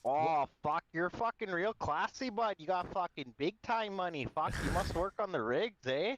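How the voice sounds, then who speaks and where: A man's voice: high-pitched, lively intonation, normal speed, a bit bright, slight background noise, pitched above the performer's own voice. A man putting on a swearing Albertan bro. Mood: boisterous. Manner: swears constantly, says bud and eh. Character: brash beer-loving Albertan bro, young man. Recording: slightly dull lo-fi sound.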